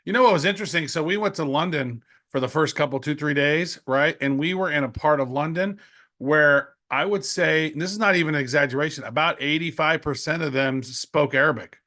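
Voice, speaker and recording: A middle-aged man co-hosting a podcast, telling stories in an excitable, slangy way and laughing often. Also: on the high side, brisk. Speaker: podcast co-host. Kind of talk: casual podcast chat.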